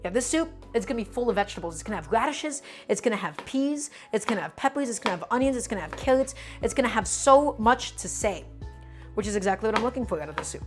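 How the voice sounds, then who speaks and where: A woman's voice: fairly high pitch, lively intonation, fast talker, over music. A woman hosting a live cooking stream from her home kitchen, chatting enthusiastically with viewers as she chops vegetables. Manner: enthusiastic, repetitive, addresses viewers as friends.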